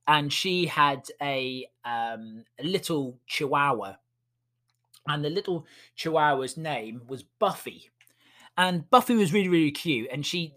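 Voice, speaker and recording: A man's voice: fairly high pitch, fairly bright tone. A man, a podcast host and dog walker, telling funny stories in a chatty, amused way with many fillers. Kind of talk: casual storytelling.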